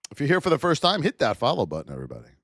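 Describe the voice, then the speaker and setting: A man's voice: mid-range voice, huge pitch swings, racing, gravelly, fairly bright tone, no echo, clean studio sound. A man hosting a live trading stream in a blunt, chatty way, telling stories, reading out price levels and calling out to viewers by name.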